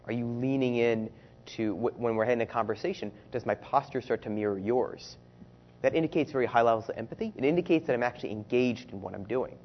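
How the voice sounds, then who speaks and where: A man's voice: medium pitch, quick pace, dull audio, a little hiss or hum. A man who is a researcher giving a conference-style presentation, speaking conversationally and often checking in with the audience through rhetorical questions.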